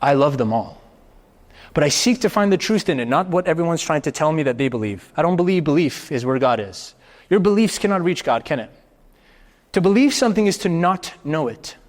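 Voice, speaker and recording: A man giving a live motivational talk to an audience, animated and expressive, firing off rhetorical questions with the occasional swear word. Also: fairly high pitch, fairly quick. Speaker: motivational speaker. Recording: reverberant hall.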